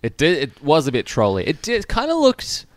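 A man co-hosting a casual film review podcast, jumping in with quick, eager reactions. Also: on the high side, wildly swooping pitch, slight background noise.

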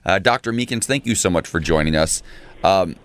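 A man co-hosting a morning radio show, chatting and joking in a casual, animated way. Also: deep voice, fairly quick.

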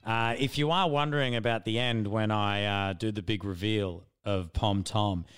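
An Australian man hosting a podcast, talking casually to listeners in a relaxed, halting way with many fillers. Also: on the low side, clear, resonant tone. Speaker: podcast host.

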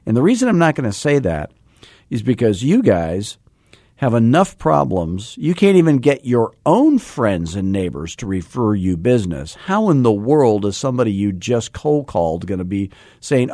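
Fast-talking man coaching sales, low voice. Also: very animated, mellow, dry recording, clean studio sound. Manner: fast-talking, admits talking too fast; jokey and self-deprecating while instructing. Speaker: real estate sales coach and host. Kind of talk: casual podcast teaching.

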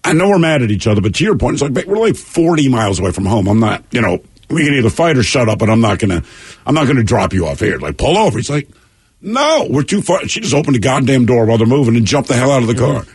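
A man co-hosting a radio show, telling a caller's story in casual banter and jumping between high and low voices. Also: animated, rapid-fire, husky.

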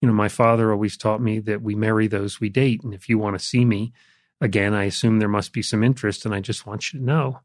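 An older man, an interview guest, telling a personal story in a relaxed, reflective way, with frequent fillers. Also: lowish voice, quick pace, no echo, studio quality. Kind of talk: conversational storytelling.

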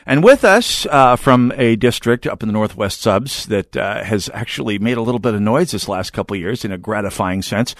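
A man's voice: fairly low pitch, animated, a little fast, hardly any pauses, dry recording. A middle-aged man hosting a radio talk show in a studio, chatty and joking, with many filler words.

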